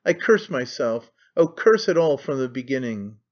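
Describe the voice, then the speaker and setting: A man's voice: medium pitch, very animated, moderate pace, natural voice. A man reading aloud who voices a sick young woman in labour, scornful and in pain, in a dull lo-fi recording. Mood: angry, anguished. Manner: scornful and imperious.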